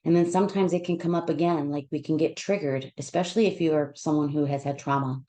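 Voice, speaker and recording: A counselor sharing a personal story with listeners, emotional and near tears, talking in a heartfelt, halting way with many restarts. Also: female voice, deep voice, fairly even intonation, mellow.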